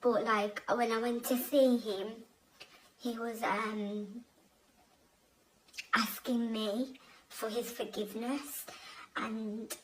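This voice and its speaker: Young woman, fairly high voice, halting emotional storytelling, faint background noise. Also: fairly even intonation. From Bangladeshi family. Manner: emotional, halting, many restarts and "like". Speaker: guest telling her conversion story. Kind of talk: personal storytelling.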